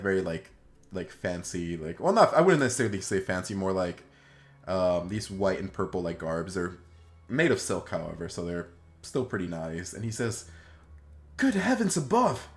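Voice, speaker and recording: A man's voice: sits low, lively intonation, normal speed. A man narrating as game master of a tabletop game, rambling with many fillers and restarts.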